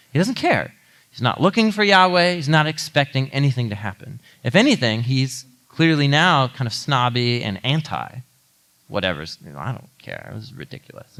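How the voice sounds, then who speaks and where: A man pastor giving a conversational sermon, telling a story with animated asides to the audience. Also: medium pitch.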